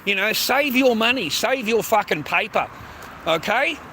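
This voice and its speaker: Australian bloke with a high voice, ranting to camera, foul-mouthed and repetitive, loud traffic behind. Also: male voice, animated, a little slow. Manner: heavy swearing, repetitive, keeps calling listeners mate and bro. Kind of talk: ranting monologue to viewers.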